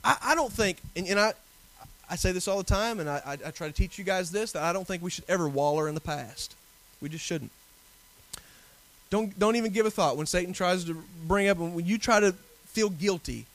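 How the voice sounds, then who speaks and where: High-voiced preacher. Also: male voice, a little fast. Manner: earnest preaching, rising to forceful emphasis. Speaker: pastor. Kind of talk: sermon.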